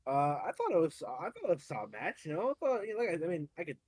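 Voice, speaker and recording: A man's voice: on the high side, big pitch swings, fast talker, a little mellow, dry recording. A man co-hosting a podcast, giving laid-back opinions on a wrestling match with lots of hedging and some swearing. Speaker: podcast co-host. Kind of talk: casual chat recapping wrestling.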